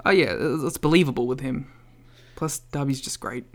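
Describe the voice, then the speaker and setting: A man's voice: mid-range voice, normal speed. A man co-hosting a casual wrestling podcast, dry and wry with joking asides. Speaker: podcast co-host.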